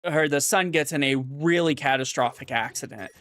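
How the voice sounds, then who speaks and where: A man on a stream telling a long shaggy-dog joke, rambling, correcting himself and filling pauses. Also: fairly high pitch, fairly bright tone, no room sound. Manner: rambling, full of fillers and self-corrections.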